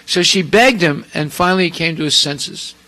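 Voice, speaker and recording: A male preacher telling scripture stories in an animated sermon, acting out the characters with asides to the audience. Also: a little high, normal speed, rough recording. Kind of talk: storytelling sermon.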